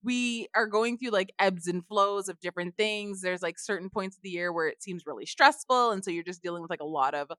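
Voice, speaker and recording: A woman's voice: mid-range voice, a little fast, few pauses, fairly bright tone, no echo, studio quality. A young woman co-hosting a teacher podcast in casual chat, laughing often and saying "like" a lot.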